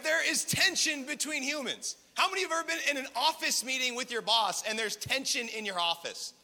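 A man's voice: very high voice, sharp tone. A man preaching at a community gathering, joking with and questioning his audience. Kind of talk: lively sermon with crowd interaction. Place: large hall with live audience. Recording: long hall reverb.

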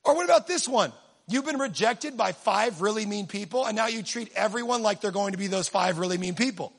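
A man with a very high speaking voice delivers a sermon. His tone is husky and slightly breathy. He is animated and jokey, dropping into quiet asides and then rising to shouts. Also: a little fast. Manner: animated, swings from low asides to shouting, humorous. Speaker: preacher.

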